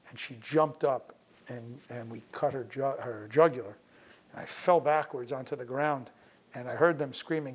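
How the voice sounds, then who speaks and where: A middle-aged veterinarian from the New York area tells a personal story in a relaxed, conversational way, acting out the dialogue of the people involved. His voice is medium-pitched and moderately paced, and the audio quality is poor.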